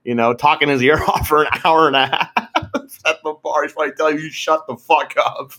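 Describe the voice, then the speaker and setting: A man's voice: on the high side, brisk, pushed and bright. Laid-back profane man, rambling. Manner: rambling, profane, laughs a lot. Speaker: podcast co-host. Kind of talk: casual chat.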